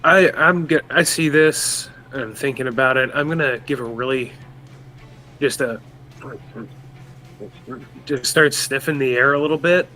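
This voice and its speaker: A man's voice: mid-range voice, measured pace, long pauses, sharp tone, a little hiss or hum. A man playing a tabletop game, talking through his character's actions and asking the game master questions. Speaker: player. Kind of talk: casual tabletop play.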